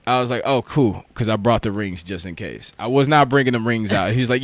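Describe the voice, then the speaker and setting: A man co-hosting a casual podcast chat, telling stories in an animated way and jumping up in pitch when excited. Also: quick pace, few pauses, dry recording. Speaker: podcast co-host.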